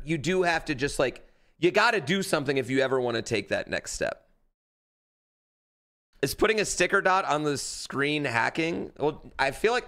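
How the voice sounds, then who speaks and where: Animated, rambling male streamer. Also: a little high. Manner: rambling, blunt, swears, many fillers. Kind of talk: casual livestream reaction chat.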